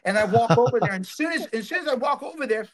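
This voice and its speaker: A man, a guest minister, telling stories in a podcast interview, animated and full of fillers and restarts. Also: very high-pitched, fast talker.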